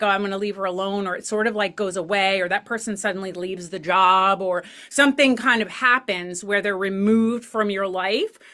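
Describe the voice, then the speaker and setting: A woman's voice: mid-range voice, sharp tone. A woman on a podcast explaining her views in a reflective, step-by-step way. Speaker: podcast co-host. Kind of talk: casual chat.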